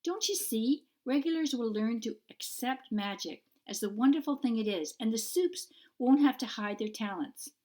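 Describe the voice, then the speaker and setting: A woman's voice: fairly high pitch, expressive, normal speed, few pauses, a little mellow, voice pushed up, natural voice. Audiobook role: an earnest young witch, read by a woman, insistent and pleading. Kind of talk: audiobook character voice.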